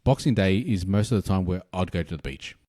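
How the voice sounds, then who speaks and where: A man's voice: sits low, fairly quick, warm tone. An Australian man co-hosting a podcast, chatting in an easygoing way. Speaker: podcast co-host. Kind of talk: casual podcast chat.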